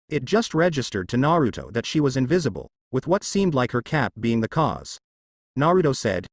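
A man reads a fan fiction adventure aloud with an animated, up-and-down storytelling delivery. The sound is dry and close to the mic, with no room around it. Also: mid-range voice, moderate pace, no echo. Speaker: narrator.

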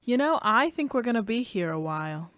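A woman's voice: a little high, very animated, fairly quick, very noisy. A woman playing a wry, dry-humored guest in a college radio comedy sketch.

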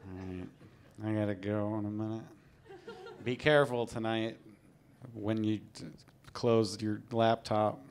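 On a comedy stage before a live studio audience, a man performs stand-up with an offhand, dry delivery that suddenly breaks into silly put-on voices. His fairly low voice holds a steady tone, runs a little slow, and pauses often, with a little hiss or hum and the crowd laughing behind him.

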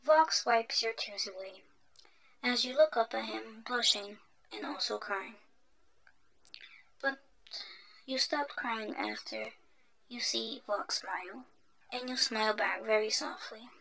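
A woman narrating a listener role-play story in a soft, half-whispered ASMR manner. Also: fairly high pitch, slow pace, creaky, long pauses, low-quality recording.

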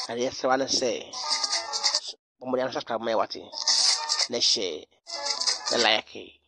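A man presenting online news commentary, animated and repeating phrases for emphasis. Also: mid-range voice. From Ghana.

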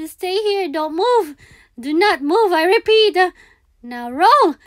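A high-voiced woman talks her way through a game at an unhurried pace. She repeats her words and pleads with the game as she plays. Her voice sits dry and close to the mic. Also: lively intonation, no echo. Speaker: gaming video creator. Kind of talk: live gameplay commentary.

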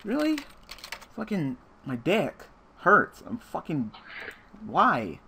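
A man's voice: on the high side, huge pitch swings, slow pace, vocal fry, bright, forceful tone, slight background noise. A man commentating a card game he is playing, swearing nonstop and raging at his luck. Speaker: gameplay commentator.

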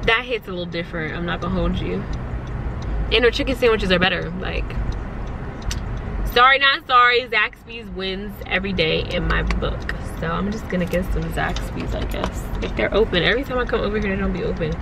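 A woman's voice: mid-range voice, expressive, a little fast, vocal fry, noisy background. Chatty young woman vlogging with a head cold. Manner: candid, chatty, swears freely. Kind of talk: casual vlog chat to camera. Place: home and in a car.

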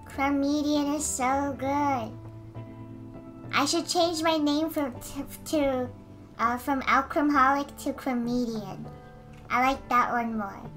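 High, bright, giggly young woman streamer. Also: slow pace, faint music behind. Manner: giggly, bursts into excited squeals; responds to chat messages. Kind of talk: casual livestream chat while drawing.

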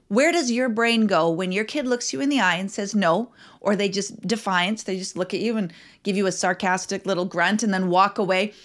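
A middle-aged woman hosts a solo parenting podcast. Her voice sits a little high, and she speaks earnestly and with animation. She often slips into acting out the anxious thoughts in her own head. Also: fairly bright tone.

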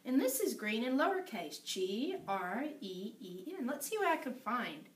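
A woman teaching preschool circle time, talking slowly in an exaggerated sing-song way and dropping to whispers for effect. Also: on the high side, sing-song. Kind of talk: circle time lesson for young children.

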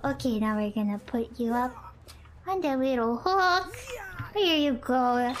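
Very high-voiced woman streamer, creepy murmurs. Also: expressive, unhurried, background noise. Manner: drops into creepy low murmurs, then squeals and laughs. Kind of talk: live gameplay commentary.

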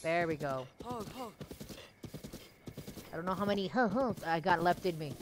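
A woman's voice: fairly low pitch, expressive, unhurried, pauses often, a little hiss or hum. A young woman live-streaming a video game, chatting with viewers and scolding her horse, laughing often. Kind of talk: casual live-stream chat.

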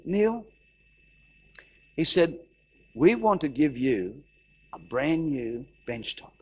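A middle-aged man preaching a sermon, telling a story and acting out the voices of the people in it. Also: fairly high pitch. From Australia. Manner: animated, acts out quoted voices, repeats phrases. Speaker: pastor.

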